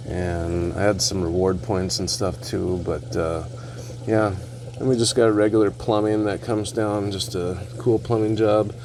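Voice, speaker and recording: Low-voiced man rambling through his aquarium setup. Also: background noise. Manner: relaxed, rambling, with fillers and asides. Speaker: aquarium hobbyist vlogger. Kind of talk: casual equipment walkthrough. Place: home, beside a reef tank.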